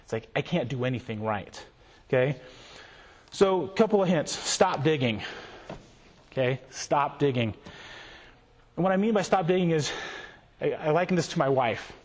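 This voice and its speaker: A man's voice: a little high, animated, normal speed, pauses often, a little mellow. A man giving a conversational conference talk to ministry workers in a large hall, checking in with "okay?" and acting out quoted voices. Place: large hall with a live audience. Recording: long reverb from a large hall.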